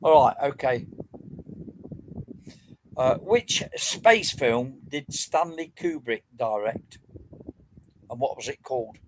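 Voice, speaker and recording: A man's voice: medium pitch, animated, slow, pauses often, a little hiss or hum, rough recording. A middle-aged man, rambling casually as he hosts a livestream quiz and chats with viewers. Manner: chatty, rambling, answering comments.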